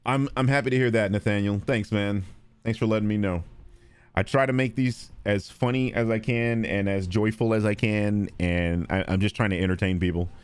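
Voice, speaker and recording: A man streaming live, chatting casually and responding to viewers, animated and blunt, with frequent swearing. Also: normal speed, smooth, no echo. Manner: animated, swings between loud and low, swears freely.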